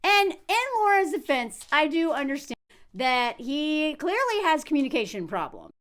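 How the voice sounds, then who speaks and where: A high-pitched woman talks through a reaction commentary in a casual, animated way. She laughs often and slips into quick impressions of the people she is discussing. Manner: animated, frequent laughs, acts out quotes in character voices. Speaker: commentary video host.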